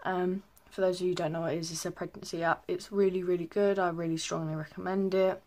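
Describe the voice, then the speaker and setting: A woman's voice: fairly low pitch, level tone, quick pace, a little mellow. A young woman chatting casually in a pregnancy update vlog, rambling with many ums. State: a little out of breath. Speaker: vlogger.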